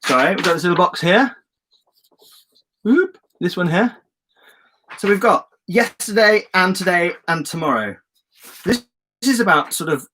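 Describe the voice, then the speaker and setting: A man from England leading a casual live-streamed session, talking in a fairly high, upbeat voice. He coaches his viewers warmly, cheers on their comments and keeps things loose and chatty over a webcam. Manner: chatty and encouraging, reads out viewer comments with lively enthusiasm. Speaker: host of a live online journaling session. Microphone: phone or webcam on a live stream.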